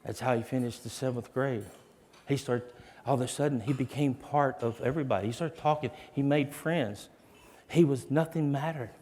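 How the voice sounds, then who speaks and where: In a large hall with long reverb, a man addresses an educators' event with a dramatic, heartfelt motivational testimony. His voice is medium-pitched with a darkish tone, at a normal pace.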